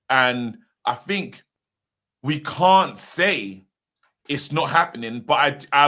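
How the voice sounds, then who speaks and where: A man in casual football podcast chat, laughing as he tells his stories. His voice is bright and forward, sitting at an average pitch for a man. He talks loosely with friends. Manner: laughs often, excitable storytelling. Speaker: podcast co-host.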